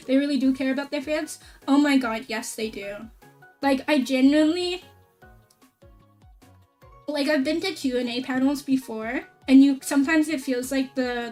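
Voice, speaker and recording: A woman VTuber streamer chatting casually, excitable and rambling, with a lot of "like" fillers. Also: sits high, far from the mic. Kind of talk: casual stream chat recap.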